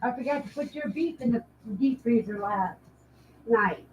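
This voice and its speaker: A woman's voice: fairly high pitch, lively intonation, a little mellow, slight background noise, rough recording. A woman hosting a livestream, casually reading out viewers' comments and answering them, laughing often. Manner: unhurried, chatty, laughs often. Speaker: livestream host.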